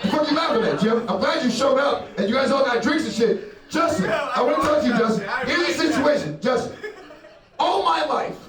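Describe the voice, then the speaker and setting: A young male stand-up comedian performs on a comedy club stage, brash and profane, working the crowd and laughing at his own jokes. His voice is very high, animated and brisk. It's recorded from a distance in a roomy live venue with the audience audible.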